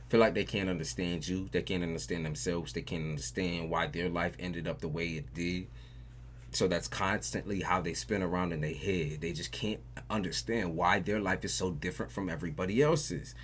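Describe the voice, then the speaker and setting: A man giving a tarot reading on a livestream, talking casually and profanely, often repeating phrases for emphasis. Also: low-pitched. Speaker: tarot reader.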